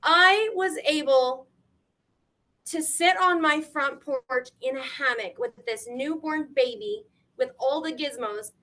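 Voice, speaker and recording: A middle-aged woman, a grandmother, telling her story as a guest on a live stream, animated and emotional, acting out what people said. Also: high voice. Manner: animated, tearful at times, quotes people in shifting voices.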